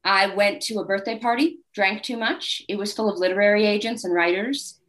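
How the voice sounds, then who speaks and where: Woman, interview guest, candid and wry, casual storyteller, mid-pitched. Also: brisk. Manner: acts out quoted people in lively voices. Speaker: guest author.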